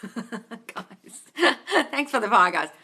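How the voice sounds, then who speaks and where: A young woman hosting a livestream Q&A, talking bluntly and swearing freely as she drives her points home. Her voice sits high, bright and sharp-edged, and she reads chat messages out between emphatic stretches. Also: lively intonation, extremely slow. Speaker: manifestation coach on a livestream. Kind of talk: ranting livestream Q&A.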